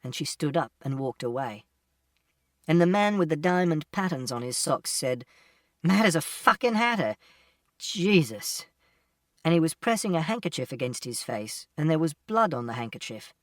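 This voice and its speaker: A man's voice: fairly high pitch, expressive, moderate pace, dry recording, clean studio sound, distant mic. A man reading a first-person audiobook as a teenage boy, in a literal, matter-of-fact, detailed manner. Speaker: audiobook narrator.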